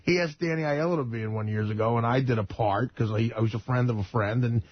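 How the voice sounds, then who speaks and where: A man's voice: mid-range voice, fast, dry recording. A man joining a radio show as a regular, chatting casually and joking with a laugh. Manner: jokey, laughs often. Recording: slightly dull radio broadcast sound.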